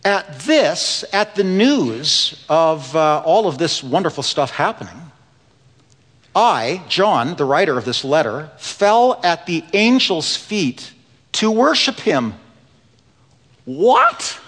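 A man preaching a sermon in a church, telling stories earnestly, dropping to a hush and then building with emphasis. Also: fairly high pitch, very animated, slow. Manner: earnest storytelling preacher, swings between hushed and rising emphasis. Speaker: pastor. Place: church sanctuary. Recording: long reverb of a large hall.

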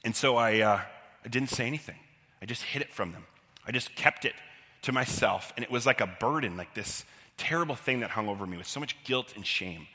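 Guy telling a story on stage, super bright voice, long hall echo. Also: mid-range voice, brisk. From Canada. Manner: animated, self-deprecating, acts out quotes. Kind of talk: live personal storytelling.

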